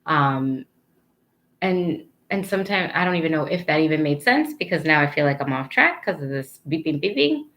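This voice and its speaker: A woman's voice: deep voice, lively intonation, normal speed, fairly bright tone. Rambling woman giving a card reading. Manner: rambling, loses her thread, lots of fillers; encouraging, earnest. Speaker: tarot card reader. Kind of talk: casual spiritual guidance reading.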